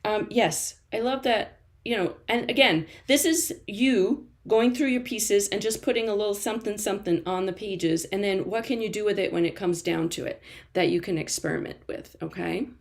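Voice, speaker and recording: A woman's voice: medium pitch, normal speed. A woman running a live-stream art journaling class from a studio, chatty and encouraging, laughing often and answering viewer comments as she works. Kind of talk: live-stream crafting demo.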